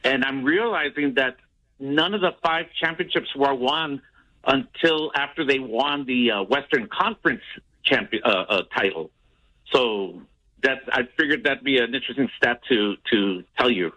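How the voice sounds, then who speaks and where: A man from the San Antonio area calling in to a radio show, talking in a halting way with restarts. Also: mid-range voice, pushed and bright, dull audio. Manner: halting, repeats himself. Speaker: caller. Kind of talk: casual call-in chat.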